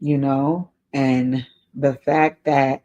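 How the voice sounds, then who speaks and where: Heard only as an off-camera voice, this woman speaks very deep and mellow with a flat delivery and drawn-out words, and the audio is dull. Answering a viewer's letter on her advice show, she offers casual, earnest, spiritually minded encouragement and repeats key lines to drive them home.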